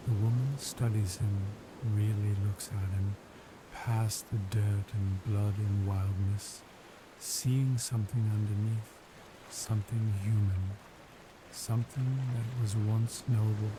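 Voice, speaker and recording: A man narrating a bedtime story for sleep in a soothing, unhurried way. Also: on the low side. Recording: steady ambient background noise. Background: ambient sea sounds.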